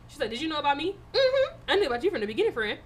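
A woman's voice: sits high, animated, rapid-fire. A woman co-hosting a podcast, telling a story in a casual chat, with lots of laughter and swearing. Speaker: podcast co-host.

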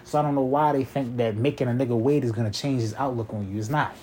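A man's voice: medium pitch, steady tone, quick pace, dark tone, slight background noise. A man in his twenties telling a long story in a casual, rambling and profane way, with constant "you feel me" fillers.

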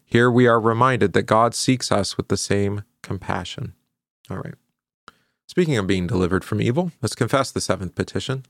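A man's voice: fairly low pitch, normal speed, no echo, studio quality. A middle-aged male pastor reading scripture aloud, then explaining it in a loose, conversational teaching manner with fillers and asides.

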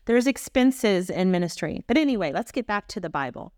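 A woman's voice: medium pitch, sing-song, brisk, darkish tone, no room sound, studio quality. A woman co-hosting a missionary podcast, talking through Bible passages in a chatty, playful way with frequent laughs. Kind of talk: casual Bible-teaching chat. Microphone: podcast microphone.

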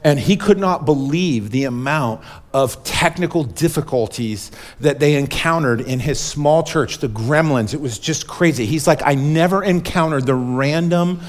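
A man's voice: medium pitch, normal speed. A male pastor preaching a sermon in an emphatic, repetitive way, calling on the congregation to respond.

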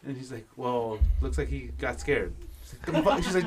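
A man co-hosting a podcast, telling a profane, animated story and mixing in Spanish phrases. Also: mid-range voice, a little fast, a crowd in the background. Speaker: podcast co-host. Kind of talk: casual storytelling chat.

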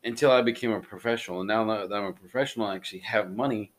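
A man co-hosting a podcast in casual chat, jokey and quick to riff. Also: fairly low pitch. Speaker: podcast co-host.

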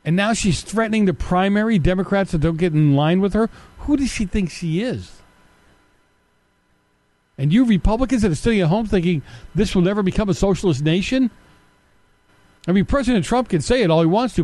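Combative man with a lively voice. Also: sits high, a little fast, dry recording. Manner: combative, sarcastic, rhetorical questions. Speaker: political commentary host. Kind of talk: opinionated monologue.

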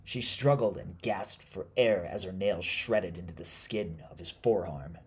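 A man narrating a scripted horror story in a measured, deliberate way. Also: deep voice.

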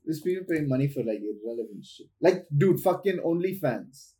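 A young man with a mellow, relaxed tone drifts through loose, profane podcast banter. His talk is slangy and offhand, full of casual asides. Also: fairly high pitch, brisk. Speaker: podcast co-host. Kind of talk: casual chat.

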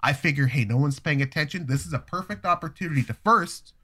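A man in his thirties telling a story in a casual, profane and animated way, acting out the voices of people he quotes. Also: on the high side, fast talker. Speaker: storyteller guest.

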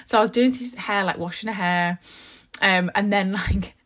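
A woman's voice: medium pitch, normal speed, a bit bright. A young woman, chatting casually to viewers and telling a story at length, full of "like" and restarts. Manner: chatty, rambling, heavy use of "like". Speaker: mum vlogger.

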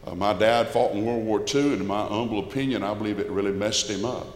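A man's voice: lowish voice, fast. Older man, folksy emphatic testimony, echoey hall, long reverb. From Albany, Georgia. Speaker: church musician giving testimony. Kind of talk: personal testimony to a congregation.

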